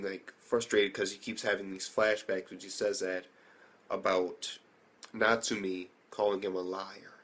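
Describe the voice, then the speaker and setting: A young man casually recapping an anime episode, rambling with slang, swearing and many fillers. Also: fairly low pitch. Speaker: anime reviewer.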